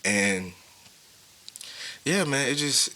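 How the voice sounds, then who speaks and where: Grieving and near tears, a thirty-something podcast host tells a painful story from his own life, casually and from the heart, with many fillers. His mid-range voice is expressive and pushed and bright, with words drawn out.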